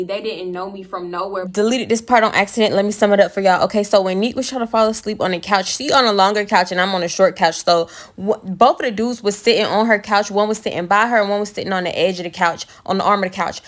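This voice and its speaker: A young woman telling a personal story to the camera in a casual, candid, animated way, with frequent swearing. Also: medium pitch. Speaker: storytime vlogger.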